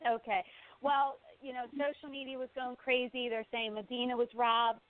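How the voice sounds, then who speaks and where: A woman's voice: a little high, flat delivery, moderate pace. A woman co-hosting a boxing show, giving blunt and opinionated fight takes in casual chat. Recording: tinny phone-like sound.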